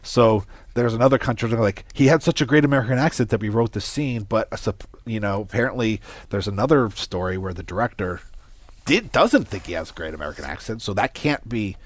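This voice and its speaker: A man co-hosting a movie podcast, passing on trivia he looked up in a relaxed way. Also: on the low side, fairly quick, no echo. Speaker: podcast co-host. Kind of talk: casual movie discussion.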